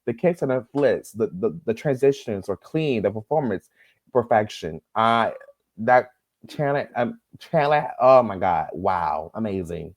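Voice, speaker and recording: A man co-hosting a casual podcast, earnest and gushing, often halting and restarting his sentences. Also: on the low side, lively intonation, dry recording. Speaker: podcast co-host. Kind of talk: casual chat.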